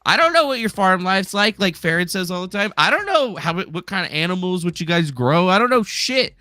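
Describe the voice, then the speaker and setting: A man with a high, very bright voice rants on a livestream, his pitch leaping all over the place. He talks heatedly and profanely and keeps breaking into shouts. The sound is dry and close, with music faintly under him. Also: very animated, brisk, no room sound. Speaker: livestream host. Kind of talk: angry livestream rant.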